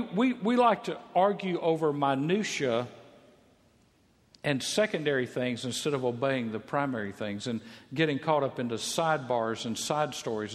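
A man preaching a sermon, emphatic, repeating key phrases for stress. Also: medium pitch. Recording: long reverb of a large hall.

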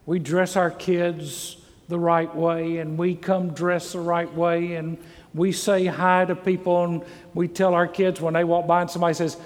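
A middle-aged pastor preaches to his congregation with earnest, repeated rhetorical questions. His voice sits a little high for a man. The church hall rings with a long reverb. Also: little pitch movement, normal speed. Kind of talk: sermon. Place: church sanctuary. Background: congregation calls amen.

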